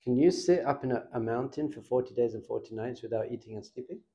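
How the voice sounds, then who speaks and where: A middle-aged rabbi teaches a casual class, talking with lively energy and often turning to his listeners with questions. His voice sits at an ordinary male pitch, neither high nor low. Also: quick pace, lo-fi sound. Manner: animated, conversational, asks the class questions. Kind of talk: informal Torah class lecture.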